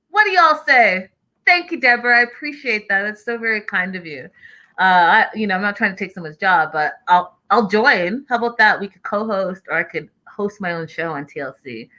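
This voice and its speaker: A woman's voice: mid-range voice, pushed and bright, low-quality recording. A woman host talking casually through a reality show recap, reading out live chat messages as she goes.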